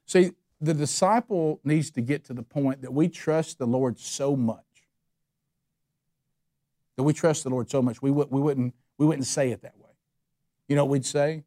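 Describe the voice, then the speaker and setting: A man's voice: medium pitch, fairly even intonation, moderate pace, dark tone, no room sound, studio quality. A middle-aged man leading a men's Bible study, talking earnestly and animatedly, often restarting phrases and acting out the voices he quotes. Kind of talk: conversational Bible teaching.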